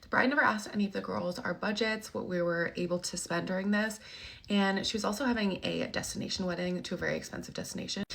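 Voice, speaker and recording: Gravelly, bright-voiced woman telling a story. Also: mid-range voice, steady tone, fast. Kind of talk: casual storytime.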